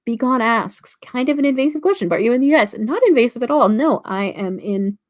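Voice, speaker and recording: A woman's voice: a little high, expressive, fairly quick. A young woman from Toronto with a Canadian accent, hosting a casual writing livestream, chatty and full of fillers as she reads viewer comments aloud. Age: about 19.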